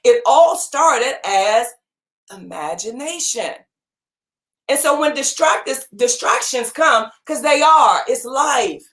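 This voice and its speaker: A woman's voice: high voice, expressive, takes it slowly, a bit bright. A woman giving a motivational talk to her audience, preaching with repeated phrases for emphasis. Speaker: motivational speaker and gym owner.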